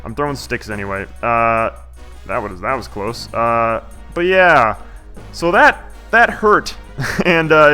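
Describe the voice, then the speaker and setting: A man's voice: medium pitch, sharp tone. A young man rambling chattily as a let's-play host, often correcting himself mid-sentence. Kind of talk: casual let's-play commentary.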